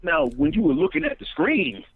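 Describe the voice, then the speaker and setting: A man's voice: high-pitched, wildly swooping pitch, moderate pace, creaky, breathy edge, no room sound, narrow, tinny audio. A man, a comedian guest, telling stories in an interview, rambling with restarts and acting out quotes. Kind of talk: storytelling interview chat.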